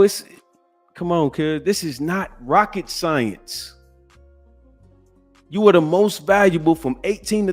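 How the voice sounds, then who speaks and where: Blunt forty-something male podcast host, profane rant, fairly high-pitched, faint music underneath. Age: 40s. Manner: blunt, profane, swings from loud outbursts to low sighing. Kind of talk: ranting commentary.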